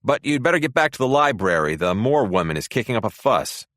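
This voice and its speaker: A man voicing an eager, brisk aide. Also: mid-range voice, very animated, fairly bright tone, no room sound, clean studio sound.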